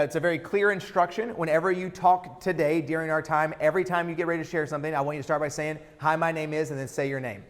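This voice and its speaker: A quick-talking man with a slightly high voice leads a keynote audience exercise. His coaching is casual and direct, and he keeps checking in with the room. A long reverb from the conference hall trails his words. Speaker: keynote speaker.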